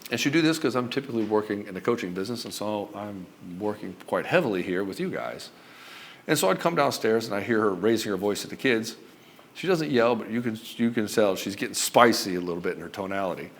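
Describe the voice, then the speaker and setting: A man's voice: on the low side, expressive, quick pace. Blunt, profane male relationship coach. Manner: blunt and profane, acts out both sides of dialogues. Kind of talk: direct-to-camera coaching monologue.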